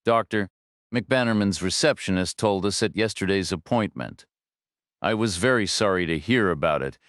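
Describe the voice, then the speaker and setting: A man voicing a frail old woman who speaks hesitantly, wavering, low and resigned. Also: normal speed, a bit bright, no echo, studio quality.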